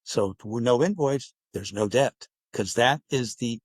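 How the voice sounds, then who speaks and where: A man's voice: medium pitch, unhurried, slightly rough, no echo. A man being interviewed as an author on a podcast, explaining his points at length and acting out bits of dialogue. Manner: explanatory, acts out dialogue in quotes. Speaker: guest author.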